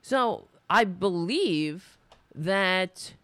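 A person talks politics to camera from home in an animated, sarcastic rant that keeps breaking off and restarting. The voice is smooth and clear, with a lot of rise and fall in pitch. The sound is close and dry from a desk mic. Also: very slow, dry recording. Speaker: political commentary streamer. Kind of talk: ranting casual commentary to camera. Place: home in New York. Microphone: desk mic with webcam.

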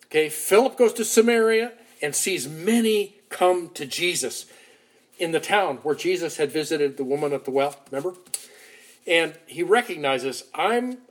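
A man preaching a sermon, retelling a Bible story in a lively storytelling manner with shifting loudness. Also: a little high. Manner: animated storytelling, shifting loudness, acts out quotes.

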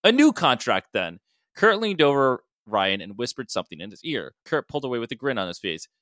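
A man's voice: mid-range voice, very animated, fast, a bit bright, no room sound, clean studio sound. A man co-hosting a podcast, reading a comic story aloud with asides. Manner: reads with frequent laughter and asides. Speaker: podcast co-host.

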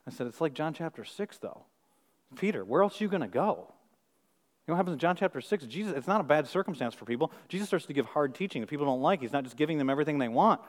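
A middle-aged male pastor preaching a sermon, firing rhetorical questions and swinging from hushed, intimate moments to loud emphasis. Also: on the high side, expressive, fast, in a large hall.

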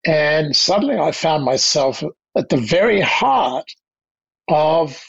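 Older Australian man, gravelly and husky, reflective interview guest, slightly dull recording. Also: on the high side, big pitch swings, a bit bright. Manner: anecdotal, measured, with restarts. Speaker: guest, diplomat.

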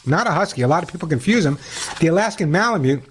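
A man hosting a call-in pet advice radio show, talking quickly and chattily, often restarting as he explains. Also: on the high side, lively intonation, slight background noise.

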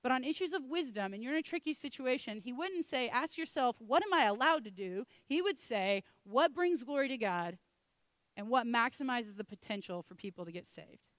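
A woman preaching a sermon in a lively way, often acting out the voices of the people she quotes. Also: fairly high pitch, normal speed, no room sound. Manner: animated, acts out quoted voices.

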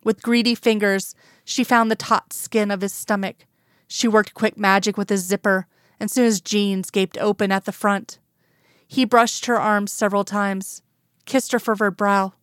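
A woman reading a romance story aloud as narrator, in a calm, even storytelling manner. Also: mid-range voice, measured pace, clear, resonant tone, dry recording, studio quality. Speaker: audiobook narrator.

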